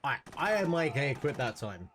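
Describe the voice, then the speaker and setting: A man's voice: medium pitch, very animated, fairly quick, fairly bright tone, slight background noise. A young man casually commentating on his own video game playthrough on a live stream, joking and swearing.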